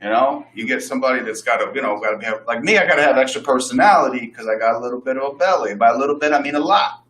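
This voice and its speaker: A man's voice: mid-range voice, very fast, few pauses, fairly bright tone. A man co-hosting a radio show, rambling in a self-deprecating way during casual banter. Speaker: radio co-host.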